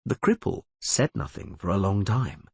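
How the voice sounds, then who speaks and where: A man narrating an audiobook in a dramatic, expressive reading style. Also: low voice, moderate pace, gravelly, slightly rough, dry recording.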